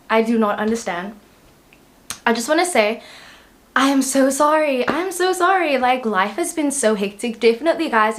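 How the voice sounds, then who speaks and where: A young woman hosts her tarot vlog in a bubbly, chatty way. She rambles freely and talks straight to her viewers. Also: on the high side. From South Africa. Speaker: tarot reader. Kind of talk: casual tarot reading vlog.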